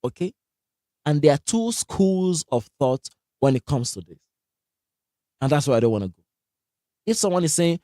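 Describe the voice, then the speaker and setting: A man teaching Quran recitation in a live online lesson, energetic, asking the class questions and repeating sounds to demonstrate them. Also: mid-range voice, a little fast, no room sound, clean studio sound.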